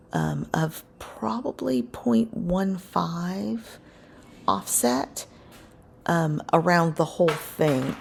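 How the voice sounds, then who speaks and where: A woman's voice: sits low, vocal fry. A woman narrating her scrapbook crafting in a casual voice-over, rambling and correcting herself as she goes. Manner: rambling, self-correcting, relaxed.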